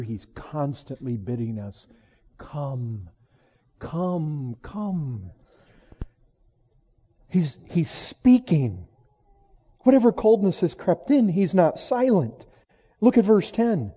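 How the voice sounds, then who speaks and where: A man preaching a sermon, moving from hushed, low passages to raised, emphatic lines. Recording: long hall reverb.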